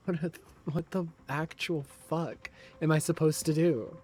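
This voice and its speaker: A man's voice: a little high, steady tone, unhurried, darkish tone. Frustrated swearing man streaming a game. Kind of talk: live gameplay commentary. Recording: game music and gunfire behind. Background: game music and gunfire.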